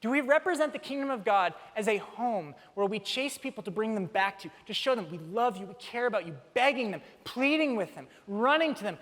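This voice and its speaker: A man preaching a sermon as pastor, telling stories in an animated way with self-deprecating humor. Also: high voice, fairly quick, hardly any pauses. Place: church sanctuary. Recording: long church reverb.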